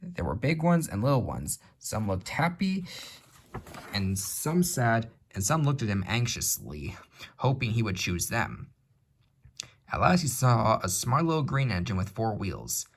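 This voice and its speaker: Husky, expressive male storyteller. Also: fairly low pitch. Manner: expressive, measured. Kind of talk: storybook reading.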